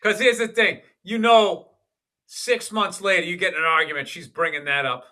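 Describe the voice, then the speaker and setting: A middle-aged comedian trades dry, sarcastic wisecracks in casual podcast talk. His voice is high for a man and very bright and cutting. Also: steady tone, moderate pace.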